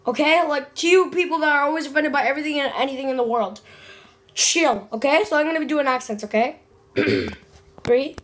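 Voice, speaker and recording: Brief: high-voiced young woman vlogger, rambling and dramatic, casual chat. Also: quick pace, a bit bright.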